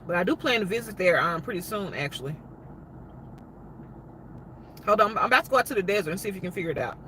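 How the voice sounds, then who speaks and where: A woman, chatting casually to a livestream audience and acting out other people's lines in a higher voice. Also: expressive, very fast. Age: 30s. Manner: chatty, acts out quoted people in a high voice. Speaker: vlogger. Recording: loud car and street noise.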